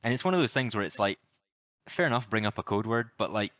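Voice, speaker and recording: A man's voice: fairly low pitch, lively intonation, quick pace, a bit bright, dry recording. A man co-hosting a podcast, giving wry, opinionated film opinions with dry sarcastic jokes. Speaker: podcast co-host. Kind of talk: casual film review chat.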